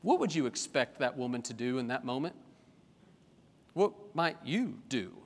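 A man preaching a sermon as pastor, animated, with humorous personal asides. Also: mid-range voice, moderate pace. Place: church sanctuary. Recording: long reverb of a large hall.

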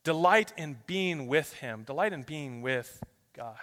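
A man in his thirties, a pastor telling a family story in a sermon, dropping soft and then rising into loud pleas. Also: a little high, animated, a little slow, big-room sound.

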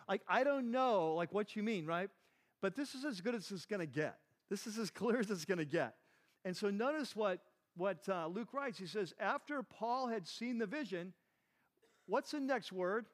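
A man giving a conversational sermon as a Bible teacher, asking his listeners questions and often saying "like" and "right.". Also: high voice. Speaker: pastor teaching a Bible class.

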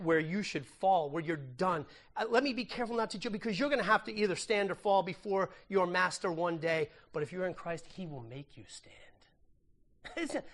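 A man preaching a sermon, animated and conversational, reading scripture aloud and swinging between loud emphasis and hushed asides, with repeated words and self-corrections. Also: fairly high pitch. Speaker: pastor.

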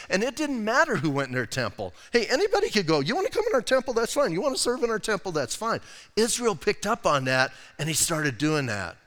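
A man's voice: high-pitched, bright, forceful tone, big-room sound. A male pastor preaching a sermon in a conversational, emphatic style with rhetorical asides. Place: church sanctuary.

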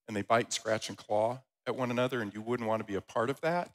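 Guy pastor preaching a sermon, middle pitch, lively storytelling, reads scripture out loud. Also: quick pace, poor audio. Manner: animated storytelling with loud, rising quoted voices; reads scripture aloud in a steady voice.

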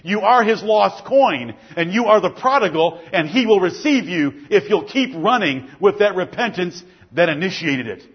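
High-voiced, husky male preacher. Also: animated, moderate pace, hardly any pauses, highs cut off. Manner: fervent, emphatic repetition. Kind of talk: sermon.

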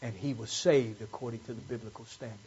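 A fast-talking preacher leads a Sunday morning sermon in church, his medium-pitched voice steady and a little mellow. Through call-and-response and repeated phrases, he builds to fervent peaks. The audio sounds dull.

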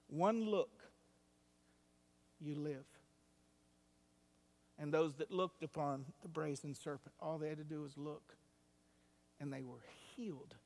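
A male pastor preaching a sermon, moving between hushed, quiet passages and loud, rising climaxes. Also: fairly high pitch. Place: church sanctuary. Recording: long hall reverb.

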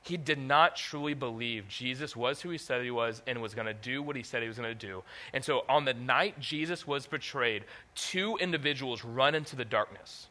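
Bright-voiced man preaching animatedly. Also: medium pitch, normal speed, few pauses. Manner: animated, asks the audience questions. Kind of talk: sermon with scripture reading.

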